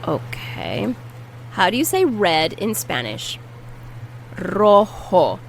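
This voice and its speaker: Slow, patient woman teaching vocabulary. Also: mid-range voice, huge pitch swings, vocal fry, slight background noise, rough recording. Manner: patient, repeats each word slowly and spells out sounds. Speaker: Spanish teacher. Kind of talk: vocabulary lesson with repetition drills.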